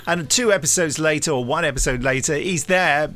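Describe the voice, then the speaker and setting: Male podcast host, fairly high, animated storyteller, faint music underneath. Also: fairly quick. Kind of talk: casual chat.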